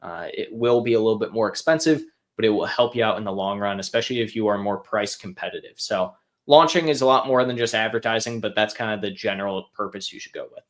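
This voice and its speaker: A man's voice: on the low side, quick pace. A young man hosting a live question-and-answer stream, talking offhand with lots of fillers and restarts. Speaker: host answering viewer questions. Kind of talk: casual live Q&A.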